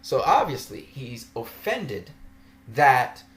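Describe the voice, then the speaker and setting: A man delivers a ranting vlog commentary straight to his viewers. He argues and mocks, laughing often, with a voice that swings widely in pitch. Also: sing-song, takes it slowly, a bit bright. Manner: argumentative, mocking, laughs often. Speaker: vlogger.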